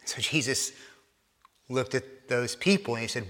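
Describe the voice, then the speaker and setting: A man preaching a sermon, earnest, repeating and restarting phrases, often dropping soft for emphasis. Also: medium pitch, animated, measured pace, in a large hall.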